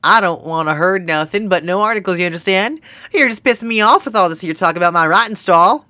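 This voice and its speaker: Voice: medium pitch, dry recording, pitched above the performer's own voice, lightly acted. A streamer reading game dialogue aloud, voicing a brash male writer with a put-on country accent and a cocky, folksy manner. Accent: put-on American country accent. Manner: loud, folksy, rapid and cocky.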